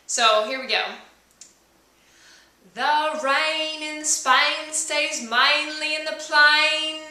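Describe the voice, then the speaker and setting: A woman's voice: a little high, sharp tone. A woman who is a voice teacher, explaining singing technique to camera in a friendly way. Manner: friendly explaining, with sung demonstrations. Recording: echoey room, mic far off.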